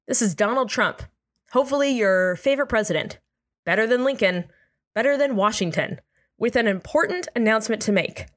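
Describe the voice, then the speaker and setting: A woman's voice: on the high side, brisk, lightly acted. A woman reading as a boastful older male politician. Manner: flat, reluctant read-out of an ad.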